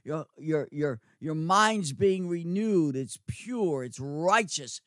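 A middle-aged man preaches in a slightly high voice, unhurried and deliberate, circling back over his phrases. His delivery swings from hushed stretches to loud emphasis. The sound is close and dry, with no room echo. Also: expressive. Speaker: preacher, former nursing home chaplain. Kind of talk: sermon.

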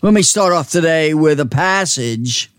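A man preaching a sermon, slow and emphatic, repeating phrases for weight. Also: a little high, lively intonation, clean tone, dry recording.

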